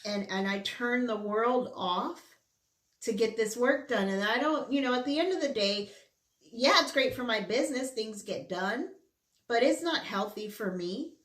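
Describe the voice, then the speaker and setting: A woman's voice: on the high side, lively intonation, measured pace, fairly bright tone. A middle-aged woman vlogger chatting candidly while she eats, sometimes with her mouth full. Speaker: mukbang vlogger. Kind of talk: casual chat while eating. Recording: roomy indoor echo.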